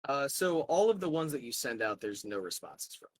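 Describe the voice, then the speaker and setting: A man's voice: mid-range voice, very animated, normal speed, no room sound. A man narrating as game master of a tabletop game, loose and filler-heavy.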